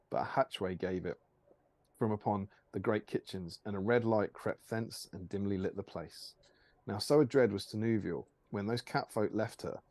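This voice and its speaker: A man hosting a stream, reading an archaic fantasy tale aloud in a measured storytelling manner. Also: fairly low pitch. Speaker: stream host.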